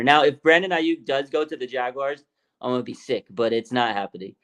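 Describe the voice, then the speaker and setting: A man's voice: medium pitch, fairly quick. Man, casual livestream host, laughing, mocking, reads chat comments. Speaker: sports show host. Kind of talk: casual live-stream commentary.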